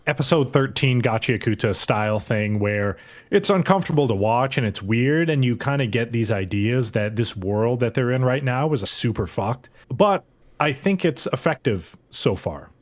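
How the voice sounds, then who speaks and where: A man co-hosting a podcast, reviewing an anime episode in a casual, animated way, swearing and using lots of fillers. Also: mid-range voice, normal speed. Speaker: podcast co-host.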